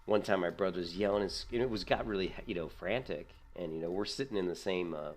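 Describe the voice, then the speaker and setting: Man, low voice, casual gaming chat, storytelling, lively quoting. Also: fast talker. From United States. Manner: storytelling, jumps high when quoting himself. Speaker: gaming streamer.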